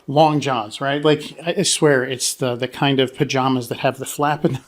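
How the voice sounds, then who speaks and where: A man's voice: medium pitch, steady tone, normal speed. A man co-hosting a podcast, telling a funny story in casual chat, laughing often and acting out the voices of the people in it. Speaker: podcast co-host.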